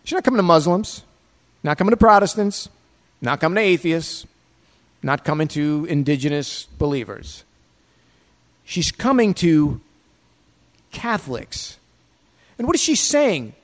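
A man's voice: high-pitched, expressive, measured pace, long pauses. A man preaching a sermon in a provocative, conversational way, with many rhetorical questions. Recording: long hall reverb.

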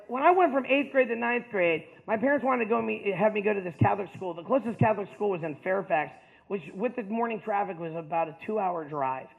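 A man with a high voice tells a school audience about his life, joking loudly and then dropping to a quieter, plainer tone. The sound is narrow and tinny, as if carried over a phone line. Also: creaky. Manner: animated, joking, shifts between loud punchlines and quiet stretches. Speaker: motivational speaker. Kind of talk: storytelling talk to students.

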